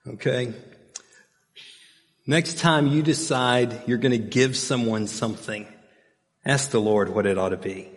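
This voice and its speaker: A middle-aged pastor preaches in an easygoing, storytelling way, often pausing on small fillers and side remarks. His voice sits at an ordinary, mid-range pitch. The sound carries a long reverb, as in a large church hall. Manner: conversational storytelling with fillers and asides. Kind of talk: sermon.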